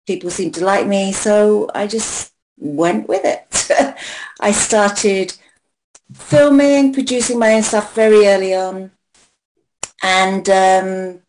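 A woman from England with an English accent, a guest chatting casually on a video call late at night, relaxed and a little tired. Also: medium pitch, slow, slight background noise, low-quality recording.

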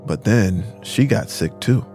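A man narrating a documentary story in a measured, scripted way. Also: fairly low pitch, animated, mellow, faint music behind.

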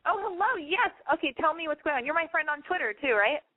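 A woman's voice: high-pitched, animated, fast, no echo, narrow, tinny audio. Blunt, swearing woman giving advice on air. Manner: blunt and swearing, ranting, mimics callers with squeals. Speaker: radio call-in advice host. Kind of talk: call-in advice show.

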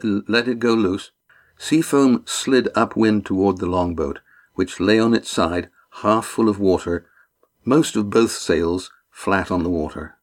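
A man narrating an audiobook chapter in a steady, measured reading. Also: low voice.

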